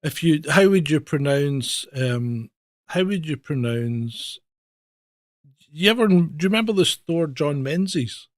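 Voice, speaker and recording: A man's voice: a little high, expressive, unhurried, no echo. A man co-hosting a livestream news roundup, talking bluntly and sarcastically, swearing and laughing at his own jokes. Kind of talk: casual sarcastic banter.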